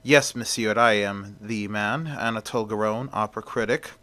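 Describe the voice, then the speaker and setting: Dude doing snooty opera critic, sneering, pompous, kinda loud. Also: male voice, on the low side, normal speed. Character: pompous male opera critic, snobbish and cruel.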